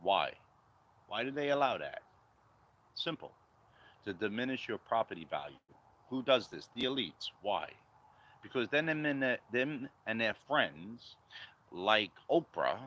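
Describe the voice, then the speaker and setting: Man vlogger, bright and forceful, ranting commentary, mid-range pitch. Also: rough recording. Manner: blunt, confrontational, repetitive rhetorical questions.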